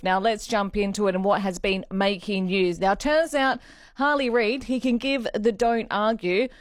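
A woman's voice: medium pitch, dry recording, studio quality. Chatty Australian woman hosting sports radio. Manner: bubbly, chatty, laughs while talking. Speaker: radio sports show host. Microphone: studio microphone.

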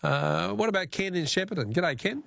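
A man's voice: sits high, animated, moderate pace, creaky, a bit bright, slight background noise. An Australian man hosting a talkback radio quiz, chatty and jokey with callers.

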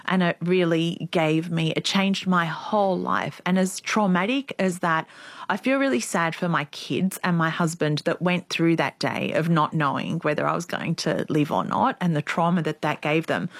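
A middle-aged woman who is a guest in an interview. She tells a deeply personal story in an earnest, reflective way, speeding up and slowing down as she goes. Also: no room sound.

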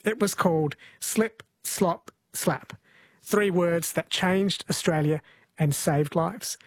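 A man hosting a radio show in a relaxed, easygoing way. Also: high voice, slow, no room sound. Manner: easygoing, relaxed and light, laughs along. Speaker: radio host.

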